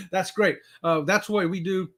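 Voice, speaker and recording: A man's voice: high-pitched, fairly even intonation, slow pace, a bit bright. A middle-aged man hosting a casual live-stream chat, rambling with fillers and greeting viewers by name. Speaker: live-stream show host.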